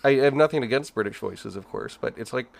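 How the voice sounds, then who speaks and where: A man co-hosting a podcast, speaking in a measured, thoughtful way with frequent fillers. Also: mid-range voice, animated, gravelly. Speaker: podcast co-host. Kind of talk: casual discussion.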